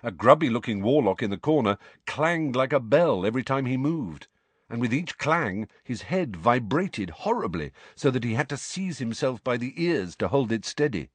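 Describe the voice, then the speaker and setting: A man reads a storybook aloud in a measured, expressive manner. His pitch moves around a lot as he tells it. The recording is dry and close, with no room sound. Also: breathy edge, dry recording. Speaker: audiobook reader. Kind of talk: storybook narration.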